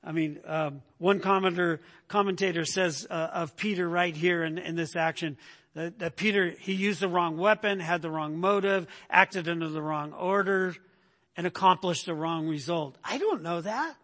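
A man's voice: sits high, moderate pace, bright, forceful tone, in a large hall. A man preaching a sermon in a conversational way, often checking in with rhetorical questions and repeating himself as he goes. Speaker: pastor.

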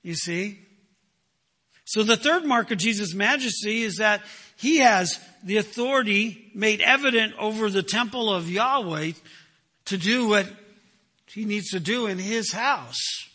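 A man's voice: high-pitched, unhurried, bright, forceful tone, slightly rough, big-room sound. A man preaching a sermon, emphatic, asking rhetorical questions and answering them himself. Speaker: pastor.

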